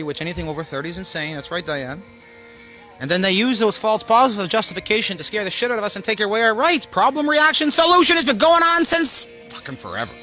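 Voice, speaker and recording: A man, hosting his own show and ranting angrily to camera, profane, swinging between shouting and muttering. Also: on the high side. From Canada. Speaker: show host. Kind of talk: angry political rant to camera.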